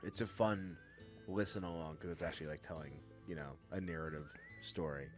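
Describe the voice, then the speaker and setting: Deep-voiced, laid-back man. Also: brisk, soft background music. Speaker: music review co-host. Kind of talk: casual album review chat. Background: album playing faintly.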